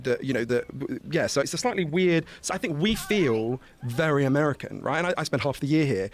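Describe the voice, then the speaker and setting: A British man, a journalist, talking casually as a podcast guest, animated and swearing freely as he tells anecdotes. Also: a little high, brisk. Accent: British English. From Britain.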